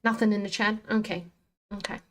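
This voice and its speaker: Talking a little fast in a mid-range, slightly bright voice with fairly even intonation, this trading livestream host chats with viewers. She's blunt and profane as she complains about being tired.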